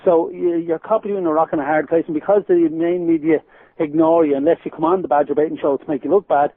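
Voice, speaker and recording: Fast-talking Irish man on a phone line. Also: a little high, dry recording. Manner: animated storyteller, laughs while telling anecdotes. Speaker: guest. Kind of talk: phone-in radio interview. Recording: tinny phone line, dry.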